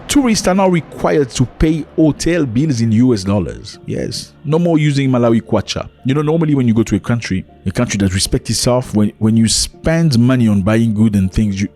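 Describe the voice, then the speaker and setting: A male commentator talks animatedly about the news, firing off rhetorical questions and breaking ideas down for viewers. His voice sits at an ordinary male pitch, with faint music underneath. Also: lively intonation, a little fast, few pauses, darkish tone.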